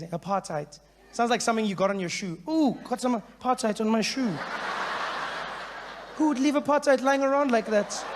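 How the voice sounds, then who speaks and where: A South African man in his thirties performing stand-up comedy, animated and full of character bits. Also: a little high, a little hiss or hum. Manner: animated, switches into character voices.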